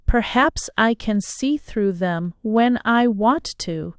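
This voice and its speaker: A woman voicing an alluring, teasing foreign lady who speaks slowly and lingeringly. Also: fairly high pitch, expressive, dry recording, clean studio sound. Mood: coaxing. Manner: slow, lingering, playfully seductive.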